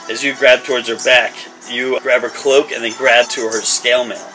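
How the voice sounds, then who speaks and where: A man's voice: mid-range voice, little pitch movement, moderate pace, over music, low-quality recording. A man narrating a tabletop game as game master, rambling through descriptions with fillers and restarts.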